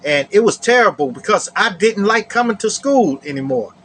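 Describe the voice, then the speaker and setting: High-voiced man telling a story. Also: animated, moderate pace, a bit bright, slight background noise. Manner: repeats phrases, often adds "you know". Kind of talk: casual personal storytelling.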